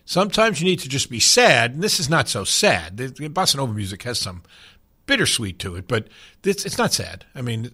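A man's voice: medium pitch, fairly bright tone. An older man hosting a sports radio show in a studio, talking in a folksy, rambling way with bursts of mock anger. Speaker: radio sports talk host. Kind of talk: casual sports radio talk.

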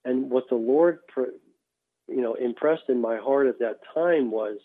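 A man, a radio show guest, telling a personal faith testimony in a halting way, often repeating words as he restarts. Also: medium pitch. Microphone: phone. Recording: tinny phone line.

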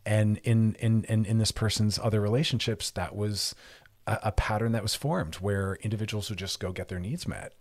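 Husky-voiced male radio advice host. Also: on the low side, steady tone, moderate pace, darkish tone. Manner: reflective, explains through personal stories. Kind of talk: conversational relationship advice.

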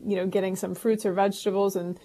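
A woman's voice: medium pitch, level tone, fast talker, warm tone. A woman co-hosting a call-in advice show, talking earnestly and reassuringly with frequent restarts. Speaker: co-host. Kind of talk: casual advice talk.

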